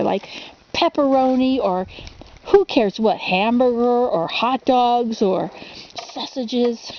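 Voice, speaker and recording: A woman's voice: on the high side, highs cut off, slight background noise. A woman casually reading a children's storybook for ASMR, rambling into asides and asking the listener questions.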